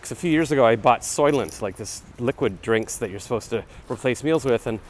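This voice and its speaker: A man's voice: mid-range voice, expressive, brisk. A man in his forties rambling casually into his phone while jogging along a city street, with chatty, self-deprecating asides. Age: 40s. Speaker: vlogger. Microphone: phone camera held while jogging. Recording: faint street noise outdoors.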